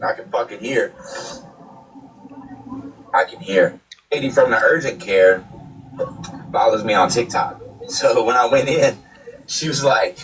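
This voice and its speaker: A man's voice: medium pitch, measured pace, pauses often, fairly bright tone, breathy edge, recorded from a distance, poor audio. A man with a congested, sick-sounding throat talks casually in a profane, repetitive, upbeat way. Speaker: streamer. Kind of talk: casual vlog chat.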